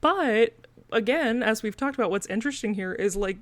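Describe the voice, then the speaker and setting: A woman's voice: fairly high pitch, lively intonation, normal speed, dry recording. A woman with a Missouri accent co-hosting a podcast in casual chat, full of fillers and laughing between points. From Missouri, USA. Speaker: podcast co-host.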